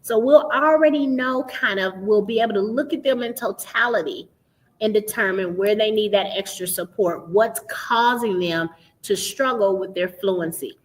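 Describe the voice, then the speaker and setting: A woman's voice: medium pitch, normal speed, rough recording. A woman host giving an instructional talk to parents, explaining step by step and checking in often with "right?" and "okay?". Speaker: literacy educator and podcast host.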